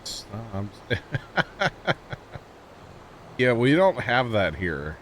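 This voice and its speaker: Streaming a game, this livestream gamer from Missouri chats casually with his viewers in a St. Louis accent, rambling and laughing easily. His medium-pitched voice is sing-song, slightly bright, and extremely slow. There is slight background noise.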